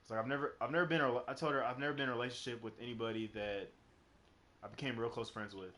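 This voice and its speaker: A man's voice: mid-range voice, steady tone, very fast, fairly bright tone. A young man streaming live, telling a personal story in a rambling, casual way full of fillers and swearing. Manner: rambling, heavy on fillers and profanity.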